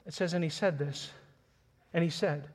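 Man, pastor, sermon, scripture reading, earnest, passionate, slightly high voice. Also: normal speed. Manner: earnest, builds to passionate emphasis; reads scripture aloud, chuckles softly.

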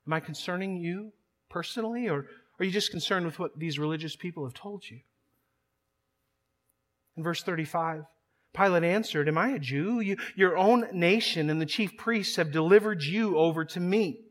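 A man's voice: sits high, moderate pace, pauses often, fairly bright tone. A man preaching a sermon, emphatic and repeating words as he builds each point. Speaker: pastor.

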